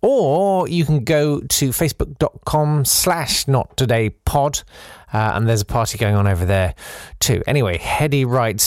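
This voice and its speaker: A man chats his way through listener messages on his podcast, rambling and self-deprecating. His voice sits at a middle pitch, recorded close and dry with no room sound. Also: animated, measured pace, few pauses, no echo. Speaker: podcast host. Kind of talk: casual chat reading listener messages.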